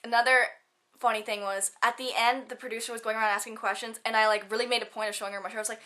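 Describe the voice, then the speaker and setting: A woman's voice: on the high side, steady tone, fast, bright, forceful tone. A teenage girl chatting casually in a vlog, bubbly and giggly, with lots of fillers and quoted asides. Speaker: student vlogger.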